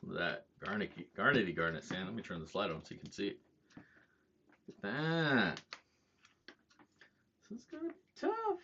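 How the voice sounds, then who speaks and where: Man, livestream host, low lively voice, profane, self-mocking, faint background noise, muffled stream audio. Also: brisk, vocal fry. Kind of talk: casual livestream chat.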